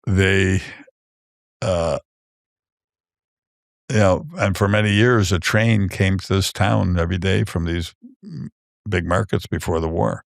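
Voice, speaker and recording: A man's voice: deep voice, steady tone, measured pace, vocal fry, long pauses, no room sound. A man, a book author, chatting as a guest in a podcast studio, telling stories with many fillers and restarts. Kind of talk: casual podcast chat.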